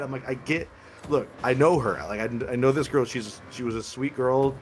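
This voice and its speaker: A man's voice: mid-range voice, normal speed, slight background noise. A young man co-hosting a podcast, telling crude stories and laughing often in casual chat. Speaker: podcast co-host.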